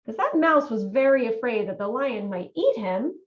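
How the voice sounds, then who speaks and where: Lively woman reading a picture book aloud. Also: fairly high pitch, normal speed. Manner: animated, asks the listening children questions. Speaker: volunteer reader. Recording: dull lo-fi audio.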